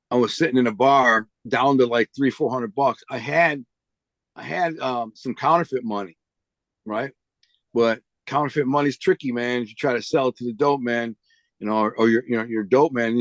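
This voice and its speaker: Brief: man, street slang storyteller, medium pitch, dry close sound. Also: normal speed, fairly bright tone, no echo. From United States. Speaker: interview guest. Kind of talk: casual storytelling.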